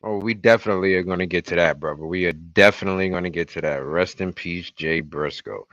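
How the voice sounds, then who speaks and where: A man's voice: low-pitched, quick pace, few pauses, a bit bright, no room sound, rough recording. A man hosting a casual wrestling podcast, introducing his co-hosts like a hype announcer and swearing when worked up. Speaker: podcast host.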